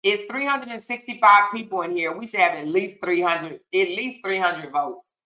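Brief: woman livestream host, bright voice, laughs a lot, folksy y'all and honey. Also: medium pitch, normal speed. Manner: laughs often, drawls y'all, child and honey. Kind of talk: casual live-stream chat reading comments.

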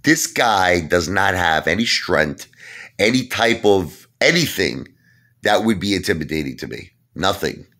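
Guy ranting trash talk at the camera, low voice but super animated, keeps going "listen to me". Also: a little slow. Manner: emphatic and repetitive, keeps saying "listen to me" and "okay?". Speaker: vlogger.

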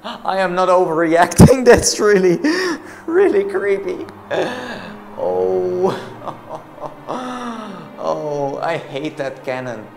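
A man's voice: sits high, takes it slowly, vocal fry, darkish tone. A man giving let's-play commentary on a game. He is jumpy and jokey, exclaiming and laughing as he plays. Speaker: VR gameplay commentator.

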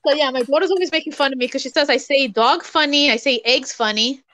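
A woman hosting a live craft stream, relaxed and easygoing, giving tips in casual chat. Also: sits high, fast talker, dry recording. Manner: relaxed, easygoing, repeats herself.

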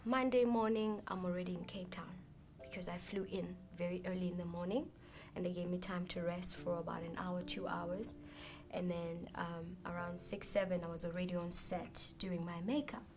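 A South African woman in her thirties, quietly recalling personal memories in a soft, hushed voice as an interview guest. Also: on the low side, level tone, normal speed, hardly any pauses. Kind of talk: personal recollection. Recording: music playing underneath. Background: music.

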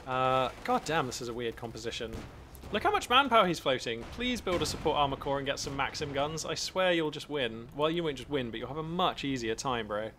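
Male streamer casting a strategy match live; average pitch, animated and chatty, with faint background noise. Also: brisk. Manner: animated, chatty, thinks aloud with frequent restarts. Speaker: live game caster and streamer. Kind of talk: live commentary on a strategy game.

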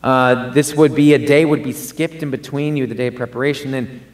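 A man's voice: medium pitch, steady tone, a little fast. A man preaching a sermon in a conversational way, often repeating and restarting words and rising for emphasis.

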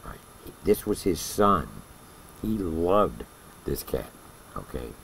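Deep gravelly older man, blunt and profane. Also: big pitch swings, slow pace, fairly bright tone, a little hiss or hum, rough recording. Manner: blunt and profane, tags lines with "all right?". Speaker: former prison inmate telling a story. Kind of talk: casual spoken storytelling.

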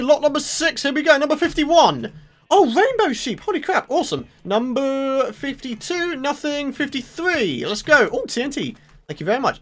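A man giving excitable, chatty video game commentary, exclaiming as he plays and talking to his viewers. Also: high voice. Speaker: let's play host.

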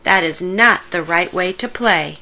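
A woman's voice: lowish voice, unhurried, sharp tone, full character voice, rough recording. A woman voicing an indignant little pig in a children's storybook, firm and squealing at times. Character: fussy little piglet schoolmate. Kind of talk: storybook character voice.

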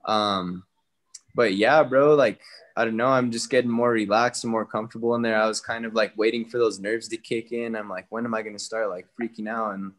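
A young man from New Mexico, a guest fighter talking casually in an interview, relaxed and slangy. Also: fairly low pitch, fairly quick. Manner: relaxed, slangy, retells talks with others in quoted bits.

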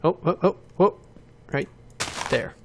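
A man's voice: fairly high pitch, lively intonation, slow pace, gravelly, background noise. A man hosting a game channel, giving casual commentary while building and thinking aloud, with self-mocking asides.

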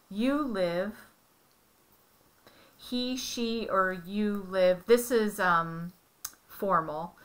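Slow, patient woman tutoring. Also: mid-range voice, pushed and bright. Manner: patient, explains step by step with examples. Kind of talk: one-on-one Spanish lesson.

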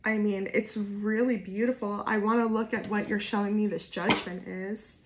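A woman with a New Jersey accent giving a casual, spontaneous tarot reading to camera, swinging between soft musing and loud bursts. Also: medium pitch, fairly even intonation, normal speed, a little hiss or hum. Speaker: tarot reader.

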